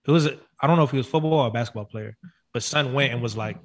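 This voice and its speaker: A man co-hosting a casual sports and culture chat, joking with slangy, animated banter. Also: mid-range voice, racing.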